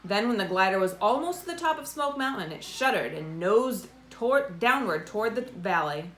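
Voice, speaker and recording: A woman's voice: mid-range voice, normal speed, slight background noise. Woman reading a storybook in a roomy echo. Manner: lively voices for dialogue. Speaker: storybook reader. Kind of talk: reading a children's book aloud.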